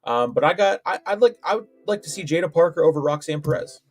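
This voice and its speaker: With faint music behind him, this podcast co-host talks fast in a fairly high, expressive voice. Chatting casually about wrestling predictions, he rambles and keeps restarting, leaning heavily on "like" and other filler.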